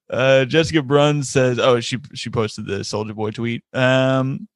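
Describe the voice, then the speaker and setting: A man hosting a casual podcast, laughing often and swearing freely. He reads listener comments aloud in a relaxed way. The sound is close and dry, with no room around it. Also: mid-range voice, slow, no echo. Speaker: podcast host. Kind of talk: casual chat.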